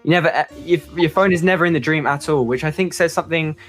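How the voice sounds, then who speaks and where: A woman's voice: deep voice, quick pace, faint music behind. A woman guest on a podcast, talking things through in a hesitant, thoughtful way full of fillers. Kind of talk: casual chat.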